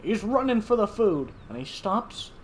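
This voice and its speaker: A man giving casual, playful commentary while playing a video game, chatting to the animals on screen and thinking out loud. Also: sits high, very animated, measured pace. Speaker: gaming channel host.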